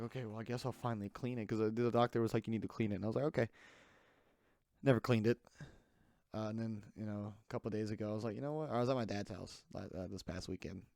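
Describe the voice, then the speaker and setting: A man's voice: lowish voice, darkish tone, no room sound, studio quality. A man hosting a casual solo podcast, rambling with many fillers and restarts. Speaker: podcast host.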